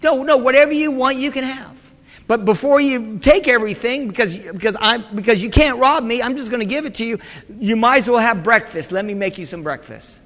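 A man voicing a calm, kind elderly woman who stays gentle and unbothered, as a quoted character in a sermon story. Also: very high voice, a little fast, in a large hall.

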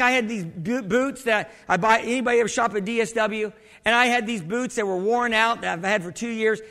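A man's voice: high voice, a little fast, hardly any pauses, a bit bright. A male pastor preaching a sermon in a conversational way, with frequent restarts and questions thrown to the congregation. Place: church sanctuary. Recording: long hall reverb.

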